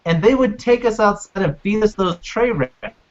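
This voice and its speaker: A man's voice: high voice, moderate pace. A man in casual podcast chat, telling rambling anecdotes with heavy swearing. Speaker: podcast co-host. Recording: dull lo-fi sound.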